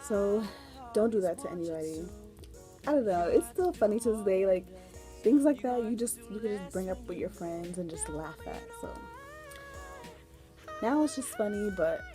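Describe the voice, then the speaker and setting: A young woman telling a story on her vlog in a rambling, chatty way, full of fillers and giggles. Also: mid-range voice. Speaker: vlogger. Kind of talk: casual storytime chat.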